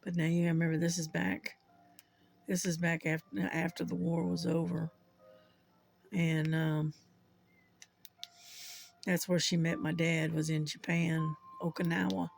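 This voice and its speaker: An older host with a Southern US accent, talking slowly and unhurriedly in a gravelly voice. The chat rambles from one story to the next, broken up by soft chuckles, with faint music playing underneath. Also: medium pitch, level tone. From Southern United States. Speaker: channel host.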